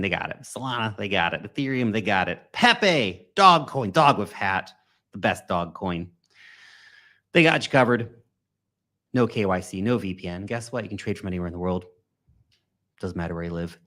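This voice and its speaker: A man hosting a crypto livestream, talking in a casual, slangy, energetic way and greeting viewers. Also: deep voice, moderate pace, long pauses. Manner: energetic, slangy, chatty, swings loud and soft. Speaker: crypto YouTube host.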